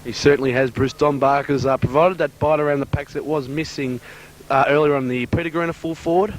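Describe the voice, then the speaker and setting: A man giving brisk play-by-play commentary on an amateur football match. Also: fairly high pitch, steady tone, a little hiss or hum.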